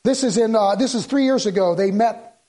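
A middle-aged pastor speaks from a church sanctuary at normal speed, his warm voice pitched fairly high for a man. As the sermon's story unfolds, he acts out the characters' voices and often repeats or starts his words over.

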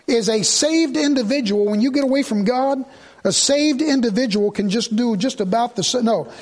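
A man preaching a sermon, reading scripture slowly and building to impassioned, emphatic appeals. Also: sits high.

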